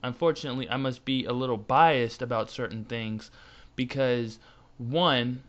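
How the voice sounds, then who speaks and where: A man's voice: medium pitch, fairly even intonation, moderate pace. A man hosting a podcast, speaking in formal phrases with hesitant fillers, over dull lo-fi call audio. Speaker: host.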